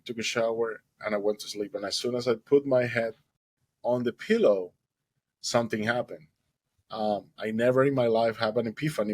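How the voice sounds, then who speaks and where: A man with a husky, slightly breathy voice tells his own dramatic survival story as a heartfelt testimony. His English has simple, non-native grammar, and his delivery is earnest and emotional. The recording is dry and close, with no room sound. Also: fairly low pitch, a little mellow, no echo, poor audio.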